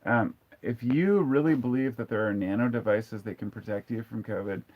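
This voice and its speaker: A candid man in his forties hosts a relaxed live stream, his voice sitting a little low. He talks bluntly and reads viewers' comments aloud. The sound is dull and lo-fi. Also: moderate pace. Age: 40s. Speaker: livestream host. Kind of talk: casual live-stream chat.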